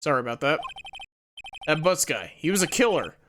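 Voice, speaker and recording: A woman voicing a blunt, gruff male police detective who keeps calling people pal, over game music. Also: low-pitched, big pitch swings, normal speed, a bit bright, a little hiss or hum.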